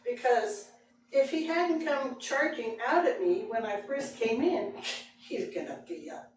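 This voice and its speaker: A woman's voice: on the high side, measured pace, a little hiss or hum. A woman telling a story to a live audience, acting out the scene with voices. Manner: expressive, acts out the scene with voices. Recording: very echoey room, far mic, audible ambience. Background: room ambience and audience laughter.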